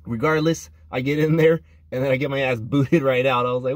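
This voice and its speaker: A man's voice: medium pitch, fairly even intonation, brisk, no echo. Irritated male co-host, laughs off his complaints, dry recording. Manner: frustrated, laughing between complaints. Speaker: podcast co-host. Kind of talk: casual fan podcast chat.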